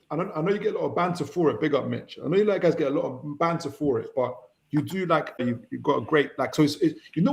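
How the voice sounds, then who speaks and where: A man's voice: on the high side, vocal fry, a little mellow. A man guesting on a casual football chat, rambling through comparisons and analogies.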